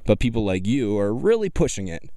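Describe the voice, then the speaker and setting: Man, scornful reaction commentary, argumentative, low voice, dry sound. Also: very animated, a little fast, mellow, no echo. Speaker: video commentator reacting to clips.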